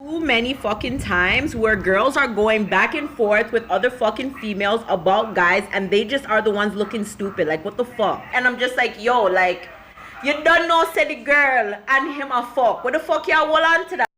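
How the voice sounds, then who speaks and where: A young woman vlogger talks straight to the camera in a blunt, profane rant, dropping into patois-style slang. Her voice sits a little high and sounds vivid and bright. A faint hiss of noise runs underneath. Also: normal speed. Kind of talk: casual vlog and rant to camera.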